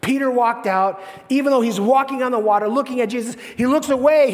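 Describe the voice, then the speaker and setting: High-voiced pastor preaching in a church. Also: male voice, brisk, few pauses, long reverb tail. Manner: animated storytelling, acting out voices. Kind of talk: sermon.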